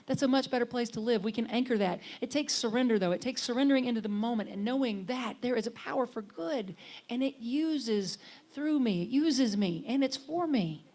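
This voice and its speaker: A middle-aged woman minister giving a conversational, earnest sermon, sometimes lifting her voice for emphasis and sometimes dropping to a hush. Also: fairly high pitch, brisk. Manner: earnest, conversational, swings from bright emphasis to soft hushed lines.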